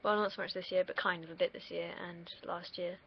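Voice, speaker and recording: Young woman, fry-heavy voice, rambling self-deprecating vlogger, muffled home recording. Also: lowish voice, fairly even intonation, fairly quick, a little hiss or hum. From United Kingdom. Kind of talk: casual rambling monologue. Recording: dull lo-fi recording.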